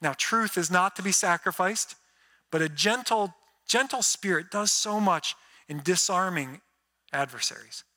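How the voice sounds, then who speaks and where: A pastor preaches a sermon in a reverberant hall, earnest overall but with sarcastic asides and playful mock voices. His voice is high-pitched and sharp, and he speaks unhurriedly.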